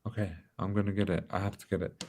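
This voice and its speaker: A man's voice: sits low, flat delivery, fast, darkish tone. A man chatting casually as a livestream guest, answering in a laid-back, agreeable way.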